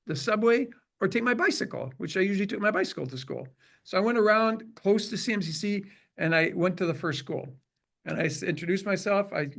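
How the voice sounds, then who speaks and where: A Canadian man in his sixties, a chiropractor guest telling a long personal story in an interview and acting out the lines of the people in it. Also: high-pitched. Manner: animated storyteller who acts out quoted dialogue.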